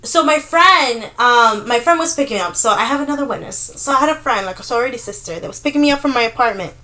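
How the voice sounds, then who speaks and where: A young woman in her twenties, speaking a touch higher than most women. She tells her story loosely and animatedly, peppering it with fillers and the odd curse, like chatting with friends on a podcast. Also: fast talker. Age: 20s. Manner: animated, filler-heavy, swears freely. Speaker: podcast co-host. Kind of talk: casual storytelling.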